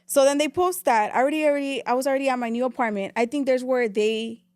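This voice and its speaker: A young woman, telling her story as a podcast guest in a rapid, animated way and switching between English and Spanish. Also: high-pitched, clear, resonant tone, no echo, studio quality. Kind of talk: casual interview storytelling.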